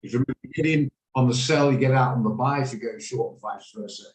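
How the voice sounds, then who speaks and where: In an echoey home office, captured on a low-quality recording, a man with a mid-range voice speaks a little fast. He hosts a live trading lesson over a video call, explaining his orders and checking in with attendees by name.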